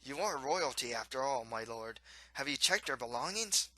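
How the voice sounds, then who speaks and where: A man's voice: mid-range voice, expressive, moderate pace, bright, forceful tone, dry recording, poor audio. A man doing a humble, nervous townsman. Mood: deferential. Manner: deferential, addressing royalty. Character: nervous, humble middle-aged male townsman.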